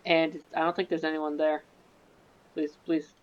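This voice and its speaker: A woman's voice: sits low, level tone, measured pace, pauses often. A woman giving casual, rambling, self-mocking commentary while playing a strategy game, in a dull lo-fi recording. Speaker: gaming video creator. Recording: dull lo-fi mic.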